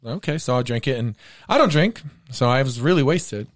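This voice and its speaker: A man's voice: mid-range voice, lively intonation, fairly quick. A man telling a long personal story in casual chat, laughing often.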